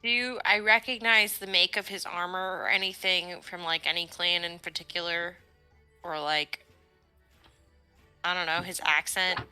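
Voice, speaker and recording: Slow, bright-voiced woman player. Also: fairly low pitch, steady tone, smooth, faint music behind. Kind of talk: casual chat in a tabletop game.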